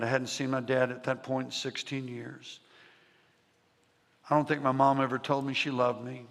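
A man in his seventies preaching a personal testimony sermon, telling his story emphatically with dramatic pauses. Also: medium pitch, flat delivery, vocal fry, fairly bright tone. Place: large church sanctuary. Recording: long reverb of a large hall.

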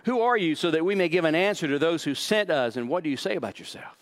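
Middle-aged male pastor, somewhat high pitch, dramatic preaching delivery. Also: expressive, fast talker. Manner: dramatic, acts out quoted lines, repeats words. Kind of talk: sermon.

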